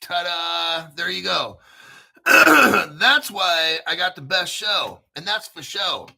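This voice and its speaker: A man hosting a crypto show in a casual livestream rant, profane and brash, often clearing his throat. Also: high voice, expressive, slow pace, bright, forceful tone.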